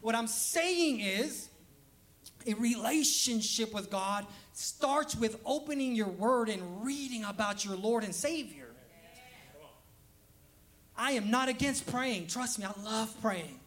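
A man's voice: high-pitched, animated, slow pace, a bit bright. A man pastor preaching a conversational sermon to a congregation, acting out quoted voices and laughing at himself. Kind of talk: lively sermon. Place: church sanctuary.

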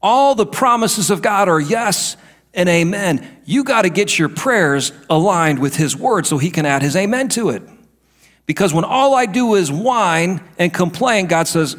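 A middle-aged male pastor preaching a sermon, moving between hushed asides and emphatic declarations. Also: high-pitched, expressive, unhurried.

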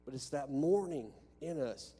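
With a dark tone and a breathy edge, a pastor's slightly high voice moves with lively intonation at a measured pace. He addresses a congregation in a church sanctuary with a balcony, conversational, with restarts and rhetorical questions. The recording has long church-hall reverb and faint hum.

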